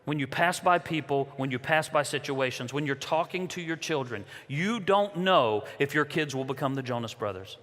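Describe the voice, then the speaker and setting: A man's voice: on the high side, animated, moderate pace, hardly any pauses, a bit bright. A man giving an earnest, preacherly faith talk to a conference from a stage microphone. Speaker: conference speaker. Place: large conference hall. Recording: long reverb of a large hall.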